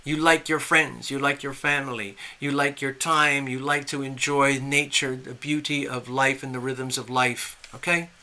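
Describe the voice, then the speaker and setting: Chatty, bright-voiced man reading tarot. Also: medium pitch, flat delivery, normal speed, few pauses. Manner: chatty, rambling, with restarts and asides. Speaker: tarot reader. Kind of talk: casual live-stream storytelling.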